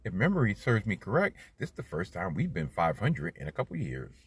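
Animated cursing man, husky dry voice. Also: lowish voice, brisk. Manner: animated, swears freely, swings loud. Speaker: podcast host. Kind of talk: solo sports commentary podcast.

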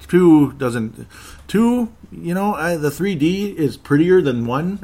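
Male sports podcast host, loose and rambling, reads listener comments, trips over names and laughs it off. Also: fairly low pitch. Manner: rambling, self-correcting, laughs often. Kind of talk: casual live chat reading listener comments.

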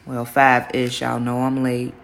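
A woman's voice: very deep voice, completely flat delivery, measured pace, gravelly. Groggy, candid woman podcasting at dawn. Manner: candid, slangy and self-encouraging, openly nervous. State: groggy early-morning voice. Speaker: podcast host. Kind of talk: casual solo podcast monologue.

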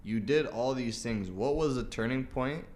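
A man's voice: mid-range voice, moderate pace, darkish tone. A man hosting a podcast interview, guiding questions with frequent short agreements. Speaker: podcast host.

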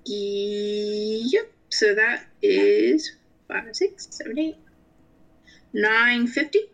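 Woman, tabletop player, slow and polite, bright voice. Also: mid-range voice, gravelly, lo-fi sound. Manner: polite, unhurried in-character talk. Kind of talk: playing a character in a tabletop game.

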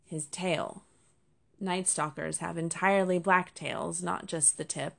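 A woman putting on a wise old black bear from a storybook, low and gravelly, with a slow, grave and protective way of speaking. He keeps his voice steady and firm. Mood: grave, kindly.

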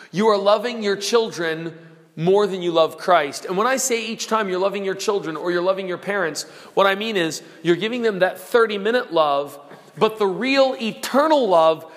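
A man preaching a sermon, dramatic, acting out quoted voices and shouting out lines. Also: high-pitched. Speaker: pastor. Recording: long reverb of a large hall.

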